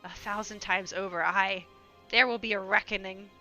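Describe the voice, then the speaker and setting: A woman voicing a blunt, gruff seafaring commander, reading game dialogue aloud. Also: medium pitch, steady tone, normal speed, sharp tone, faint music behind, lightly acted. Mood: resolute.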